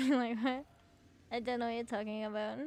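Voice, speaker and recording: A woman's voice: fairly high pitch, little pitch movement, moderate pace, darkish tone. A young woman streaming a video game, chatting casually with her viewers, swearing freely and sounding sleepy. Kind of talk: casual gameplay chat.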